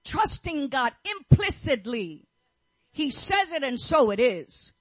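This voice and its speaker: A woman's voice: high-pitched, sing-song, a little slow, a bit bright, dry recording, poor audio. A middle-aged woman preaching a fervent sermon, declaring and repeating her phrases as she prays over the listeners. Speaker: pastor's wife preaching.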